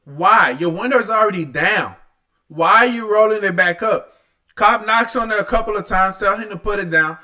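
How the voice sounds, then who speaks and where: A man's voice: high-pitched, moderate pace, pushed and bright. A man hosting a reaction video, talking bluntly and with exasperation, with frequent swearing. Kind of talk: casual reaction commentary.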